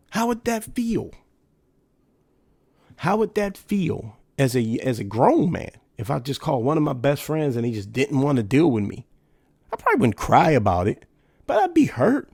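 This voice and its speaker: A man's voice: mid-range voice, huge pitch swings, moderate pace, creaky, darkish tone, husky, no echo, clean studio sound. A man in his thirties hosting a solo podcast, talking casually and emphatically and asking rhetorical questions. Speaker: podcast host.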